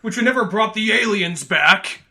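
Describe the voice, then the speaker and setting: A man co-hosting a podcast, tossing in profane jokes and quick reactions. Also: sits high, over a noisy crowd. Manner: profane, jokey interjections. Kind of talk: casual podcast chat.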